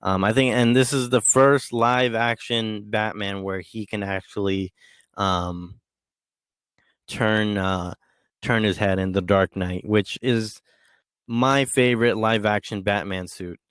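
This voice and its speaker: Rambling man with a low, dry voice. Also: steady tone, takes it slowly, fairly bright tone, clean tone, no echo. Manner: rambling, many ums and restarts. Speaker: podcast host. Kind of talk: casual solo monologue.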